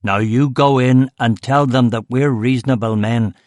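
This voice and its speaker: Menacing male ringleader, calm, blunt, audiobook figure, read by a man, dry sound. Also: medium pitch, moderate pace, no room sound, close to an everyday voice.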